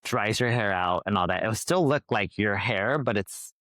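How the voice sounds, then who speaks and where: A young man, a hairstylist guest, telling stories in a chatty, animated way with lots of fillers. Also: on the low side, moderate pace, dry recording, clean studio sound. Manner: chatty, animated storyteller with many "like"s. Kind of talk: casual podcast interview.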